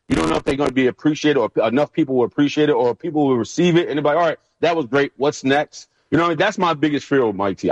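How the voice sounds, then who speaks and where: A man in his thirties, a guest and former pro football player, telling stories in a casual, animated way and acting out his coaches' yelling. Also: medium pitch, dry recording, muffled recording. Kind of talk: casual storytelling on a radio show.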